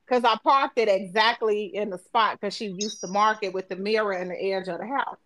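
A woman's voice: medium pitch, a little fast, hardly any pauses, fairly bright tone. A woman hosting a casual phone-chat podcast, telling a story and acting out the voices of the people in it. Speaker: podcast host.

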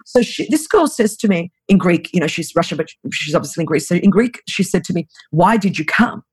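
A woman's voice: on the low side, lively intonation, quick pace, a little mellow, slightly rough. A woman in her fifties telling her story in an interview, earnest and urgent, repeating phrases for emphasis. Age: 50s. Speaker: anti-trafficking ministry leader.

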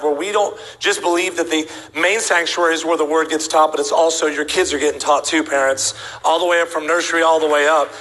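Bright, animated preacher man. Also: a little high, rough recording. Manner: animated, acts out voices of people in his stories. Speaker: guest preacher. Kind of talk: humorous sermon storytelling. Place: church sanctuary before a congregation.

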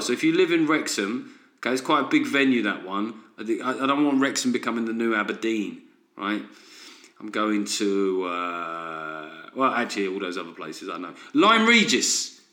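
A man's voice: fairly low pitch, animated, moderate pace, sharp tone. A man hosting a solo comedy podcast, ranting sardonically and tossing in frequent "right?" asides. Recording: roomy echo.

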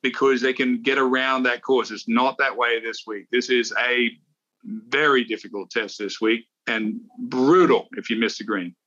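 A man's voice: mid-range voice, fairly even intonation, normal speed, sharp tone, dull audio. A middle-aged man, a podcast co-host, chatting casually and rambling through stories with restarts. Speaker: podcast co-host, former golf champion. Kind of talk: casual chat.

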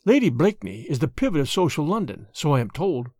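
A man voicing a sly, insinuating male French spy who speaks slowly and low in a storybook reading. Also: sing-song, a little mellow, no room sound, clean studio sound.

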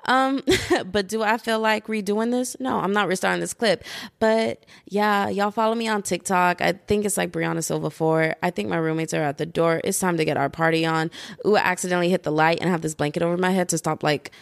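A woman's voice: fairly low pitch, steady tone, fairly quick, vocal fry, no room sound, studio quality. A young adult woman hosting a casual solo podcast, chatty and rambling, laughing at herself and tossing in lots of "like" and "y'all", recorded at home under a blanket. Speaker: podcast host.

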